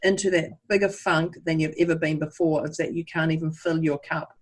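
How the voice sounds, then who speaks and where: A woman's voice: sits low, steady tone, a little fast. A woman co-hosting a podcast in casual chat, acting out inner voices as she talks. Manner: chatty, acts out inner voices, calls listener love. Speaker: podcast co-host.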